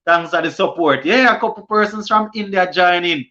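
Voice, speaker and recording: Reading out and casually responding to viewer comments, a young Jamaican-accented sports channel host runs a cricket live stream. He has a high, sharp voice at a moderate pace, and the stream audio is lo-fi.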